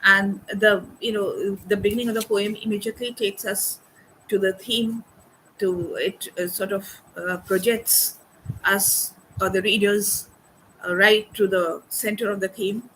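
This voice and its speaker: A woman with a medium-pitched, slightly bright voice gives an academic lecture on a poem, sounding thoughtful and hesitant, using fillers and reading quoted verse aloud. She's a literature lecturer, and the low-quality recording carries slight background noise.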